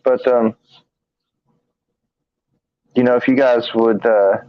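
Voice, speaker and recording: A man co-hosting a live paranormal talk stream, speaking in a halting, tired monotone with many fillers and restarts. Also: mid-range voice, no echo. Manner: monotone, tired from little sleep. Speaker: paranormal investigator and show co-host. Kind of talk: casual live-stream chat. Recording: dry, dull lo-fi stream audio.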